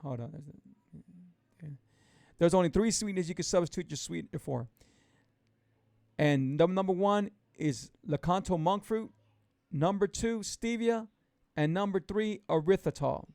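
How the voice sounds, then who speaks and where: Middle-aged man, fervent live-stream host, rough fry in the voice, dry close sound. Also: a little slow, long pauses, darkish tone, dry recording. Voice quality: fervent, pitching and repeating himself. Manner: loose and conversational, many restarts. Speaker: live show host and keto coach. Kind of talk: live-stream talk to viewers.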